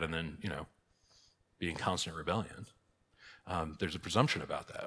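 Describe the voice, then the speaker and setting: A man's voice: low-pitched, expressive, a little fast, pauses often, fairly bright tone, breathy edge. A middle-aged man, a pastor, giving a conversational catechesis talk, checking in often with "okay?" and "right?". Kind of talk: catechesis teaching. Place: church hall. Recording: long reverb of a large hall.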